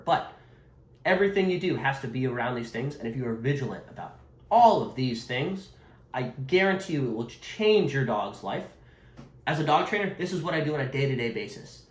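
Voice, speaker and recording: A man's voice: medium pitch, reverberant. A man, a dog trainer, giving a direct, emphatic lesson to camera and repeating his key points. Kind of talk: instructional talk to camera.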